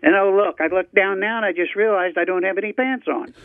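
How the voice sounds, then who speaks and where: A man's voice: high-pitched, quick pace, dry recording. A man playing a cranky older hardware store owner who calls in, rambling and flustered and cursing mildly. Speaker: caller. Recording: muffled phone line.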